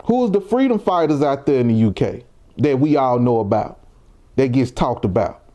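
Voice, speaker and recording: A man's voice: mid-range voice, animated, moderate pace, mellow. A young man from Mississippi, giving heated, provocative reaction commentary full of rhetorical questions. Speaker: commentary vlogger.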